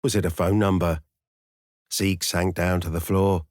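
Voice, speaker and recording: A man narrates an audiobook in a steady, measured storytelling manner. His voice sits fairly low, and the recording is dry and close with no room sound behind it. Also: no room sound.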